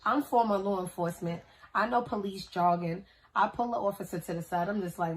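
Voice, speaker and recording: A woman in her thirties telling a story to camera in a casual, slangy, animated way, acting out the people she describes. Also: mid-range voice, fairly quick, a little hiss or hum. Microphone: camera on a tripod.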